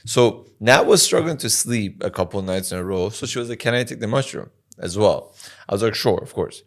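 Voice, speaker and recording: A man's voice: lowish voice, expressive, fairly quick. A man co-hosting a podcast in casual chat, often laughing and swearing freely. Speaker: podcast co-host.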